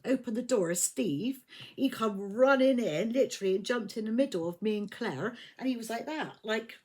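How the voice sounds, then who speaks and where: A woman's voice: fairly high pitch, expressive, normal speed, a little mellow. An English woman in her fifties telling a rambling personal story in a casual, chatty way, laughing often and swearing now and then. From England. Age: 50s. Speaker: tarot reader.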